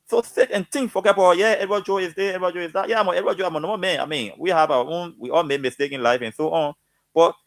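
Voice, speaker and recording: A man's voice: fairly high pitch, no echo. A man speaking as a guest, fervent and preachy, stirred up and emotional. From Liberia. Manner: fervent, preachy, repeats himself. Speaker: guest commentator. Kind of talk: impassioned political talk.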